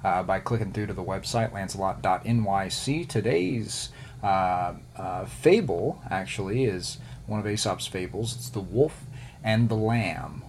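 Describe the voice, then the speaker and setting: A man hosting a podcast and reading a fable aloud in a relaxed bedtime story style, with the odd "uh". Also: lowish voice, measured pace, slight background noise. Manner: relaxed, with filler "uh"s. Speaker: podcast host and reader.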